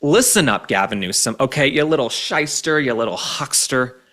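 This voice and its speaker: A man's voice: medium pitch, animated, moderate pace, a bit bright. A young adult man hosting an opinion commentary show, sarcastic, mocking and emphatic. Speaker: show host.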